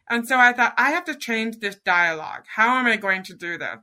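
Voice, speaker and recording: A woman's voice: on the high side, moderate pace, few pauses, sharp tone. A middle-aged woman, a podcast guest, telling a personal story in an earnest, emotional way.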